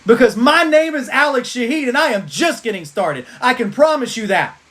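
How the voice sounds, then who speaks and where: A man giving an energetic motivational pep talk to his team on a livestream, repeating rallying lines like a preacher. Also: extremely high pitch, normal speed.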